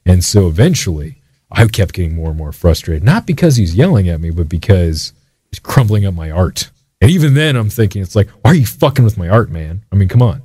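Deep, dark-toned man telling a rambling story. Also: no room sound. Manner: rambling, profane, many fillers and restarts. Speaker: artist guest on a metal radio show. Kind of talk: casual storytelling interview.

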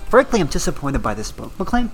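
A man co-hosting a comedy podcast, reading a teen novel aloud with exaggerated high-pitched character voices and frequent laughter. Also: animated, brisk, darkish tone, faint music behind. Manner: reads dialogue with squeaky exaggerated voices, laughs a lot. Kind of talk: comedic dramatic reading with chat.

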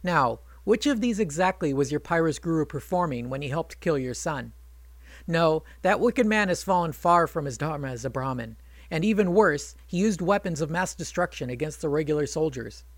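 A man's voice: a little high, expressive, moderate pace, dry recording. A man voicing a proud, indignant warrior prince who argues and lectures, in a spoken storytelling retelling. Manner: argumentative, lecturing.

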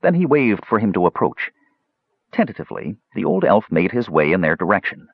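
A man reading a fantasy novel aloud as an audiobook narrator, expressive and dramatic, in a slightly muffled recording. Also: low-pitched, a little fast, gravelly, breathy edge, no room sound.

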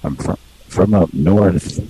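Laid-back male stream host, slow, gravelly, lively pitch, laughs a lot. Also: rough recording. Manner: laid-back, laughs often, thinks aloud. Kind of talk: casual live-stream chat.

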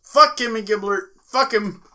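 A man co-hosting a fight podcast, ranting and swearing through profane casual chat. His voice sits high and sounds bright and sharp. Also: measured pace. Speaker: podcast co-host.

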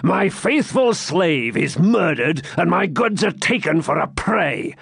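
A man's voice: fairly high pitch, very animated, slow pace, gravelly, husky, dry recording, studio quality, voice pushed up, full character voice. A man voicing a proud, bitter old Saxon lord who speaks with indignant declamation in an audiobook reading.

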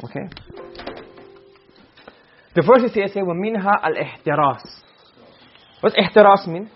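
In a classroom lecture on Arabic rhetoric, a man asks questions and answers them himself, quickly chanting Arabic verse between English explanations. His voice is high-pitched with lively intonation, faint music plays behind him, and the recording sounds dull and lo-fi.

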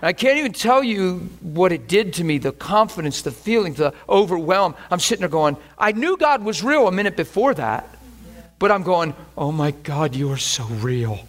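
Man, high voice, sermon storytelling, animated, laughs often. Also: moderate pace. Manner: animated, laughing testimony with sudden shifts between hushed and excited. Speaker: preacher.

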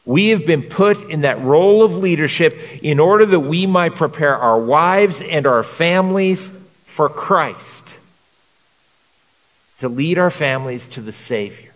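A man preaching a sermon to men in an earnest, measured way, repeating phrases for emphasis. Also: fairly high pitch, lively intonation, in a large hall. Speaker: pastor.

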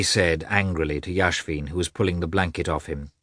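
Deep-voiced man reading a novel. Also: fairly even intonation, normal speed, few pauses, a bit bright, no room sound, studio quality. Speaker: narrator. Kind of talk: audiobook reading of a classic novel.

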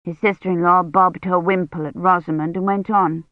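A woman reading a novel aloud as audiobook narrator in a measured, even way. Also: fairly low pitch, dry recording. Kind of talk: scripted narration. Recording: dry, dull lo-fi audiobook recording.

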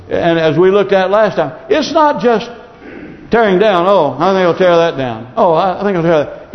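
A man preaching a sermon as pastor, his voice swooping up on emphasis and dropping low when he reads scripture. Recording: echoey hall, dull lo-fi sound.

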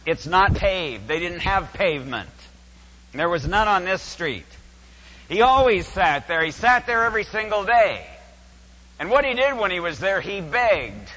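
Older preacher guy, high bright voice, slow and dramatic, big echoey hall. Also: big pitch swings. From California's San Joaquin Valley. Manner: dramatic, swings from hushed to loud. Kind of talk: sermon storytelling. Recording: reverberant hall.

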